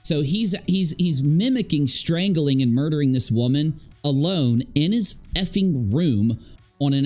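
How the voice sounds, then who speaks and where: A man hosting a commentary channel, ranting emphatically and rambling, repeating phrases while he eats and drinks. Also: a little high. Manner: talking while eating and drinking.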